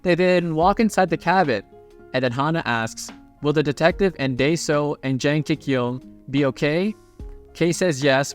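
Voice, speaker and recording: A man narrating a story recap in a casual, chatty way with playful asides. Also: mid-range voice.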